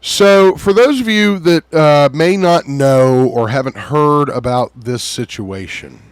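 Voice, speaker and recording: A man co-hosting a casual podcast chat, blunt and animated, swearing freely. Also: a little high, slow, clean tone, no echo. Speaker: podcast co-host.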